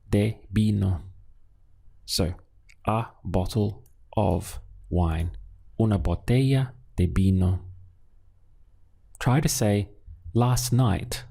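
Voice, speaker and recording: Slow, gravelly male language teacher. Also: sits low, warm tone. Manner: slow, patient, deliberate drilling with repeated words. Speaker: Spanish teacher. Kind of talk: language lesson with drills.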